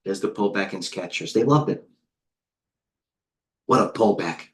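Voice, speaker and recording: A middle-aged man hosting a live trading stream, talking in a rambling, excitable way and chatting with viewers. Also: fairly low pitch, a little slow, slight background noise. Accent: New York. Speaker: trading coach hosting a livestream. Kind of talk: casual live market commentary.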